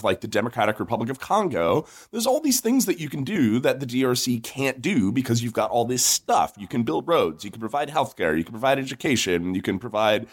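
A man talks through economic ideas in a relaxed, conversational way. His pitch swings widely as he tells stories. He slips into character voices for the people in his jokes. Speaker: co-host explaining economics. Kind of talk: casual explanatory chat.

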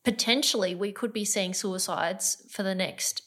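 An Australian woman on a podcast, speaking in an earnest, measured way. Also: mid-range voice, a bit bright. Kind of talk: casual podcast chat.

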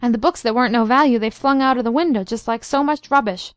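A woman voicing an excitable, flustered housekeeper who talks breathlessly and drops her aitches. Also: fairly high pitch, fast talker, dry recording, studio quality, lightly acted. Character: flustered middle-aged female housekeeper, excitable.

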